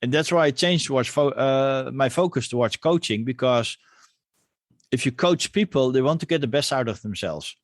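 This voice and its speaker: A man hosting a coaching podcast, agreeable, pausing on "uh" as he speaks. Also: medium pitch, no room sound, clean studio sound. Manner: agreeable, with hesitant fillers. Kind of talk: conversational interview.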